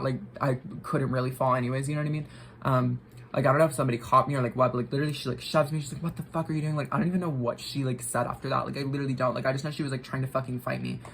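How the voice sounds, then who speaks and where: A woman's voice: a bass voice, little pitch movement, very fast, a little hiss or hum, low-quality recording. A young woman vlogger telling a story while getting ready, rambling with lots of filler words and swearing.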